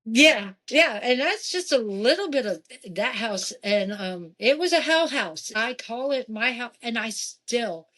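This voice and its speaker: A woman's voice: unhurried, few pauses. Woman telling a ghost story. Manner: animated, jumping in pitch for quoted voices. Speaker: guest. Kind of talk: casual storytelling.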